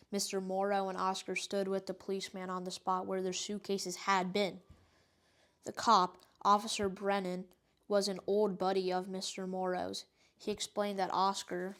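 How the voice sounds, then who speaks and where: Woman, storybook read-aloud for kids, steady narration, flat even pitch, mid voice. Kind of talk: reading a children's book aloud.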